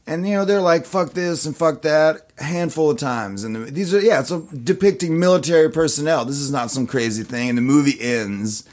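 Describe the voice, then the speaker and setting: Lively storytelling man, swears freely. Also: a little high, a little fast, hardly any pauses. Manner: animated, profane, does voices in anecdotes. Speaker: podcast guest, musician. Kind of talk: casual storytelling chat.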